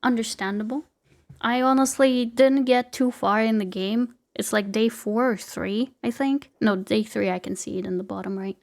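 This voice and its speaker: A woman's voice: fairly high pitch, normal speed, vocal fry, a little mellow. A young woman streaming a game live, chatting playfully with viewers and swearing casually.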